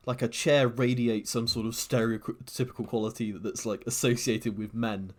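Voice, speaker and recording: A man's voice: medium pitch, steady tone, moderate pace, few pauses. Casting: man, podcast co-host, loose rambly chat, swears freely, lots of "like" and "um". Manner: rambling, swears casually, many fillers. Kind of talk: casual chat.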